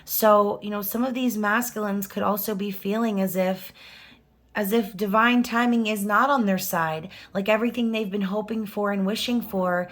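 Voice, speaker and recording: A woman's voice: medium pitch, steady tone, moderate pace. A woman reading tarot cards to camera in a chatty, reassuring way, often checking in with "okay?". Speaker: tarot reader.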